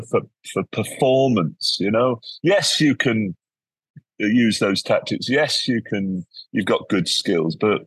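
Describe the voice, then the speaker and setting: Husky low-voiced man. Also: dry recording. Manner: animated storyteller, acts out quoted people. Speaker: educator guest. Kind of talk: casual interview storytelling.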